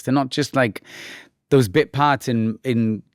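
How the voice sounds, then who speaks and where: A man's voice: mid-range voice, steady tone, takes it slowly, no echo, studio quality. A Welsh man in his forties talking through an interview in a thoughtful, conversational way, often restarting sentences. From Wales. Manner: thoughtful, with frequent restarts and mimicked voices. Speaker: actor, interview guest.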